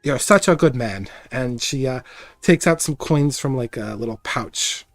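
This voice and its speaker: Game master, relaxed narration, mid pitch, dry sound. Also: measured pace, dry recording, soft background music.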